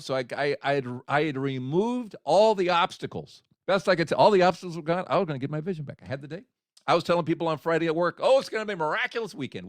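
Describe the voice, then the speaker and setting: Animated male talk show host. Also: medium pitch, no echo, studio quality. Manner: animated, swings from quiet to exclaiming. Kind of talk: conversational interview.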